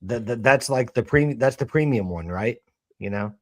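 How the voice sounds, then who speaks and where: A man's voice: mid-range voice, expressive, normal speed, no room sound, studio quality. Joking man ribbing his co-hosts. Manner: joking, ribbing, rambling with fillers. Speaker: co-host. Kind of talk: casual chat.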